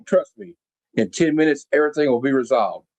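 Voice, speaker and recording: A man's voice: a little high, lively intonation, brisk, darkish tone, no echo. A man reading out the lines of a fanatical, grandiose male militia commander from a comic, lifting his voice a little and leaning on the words. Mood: menacing. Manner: reads the comic's lines aloud, slightly raised and emphatic. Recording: dull lo-fi, dry.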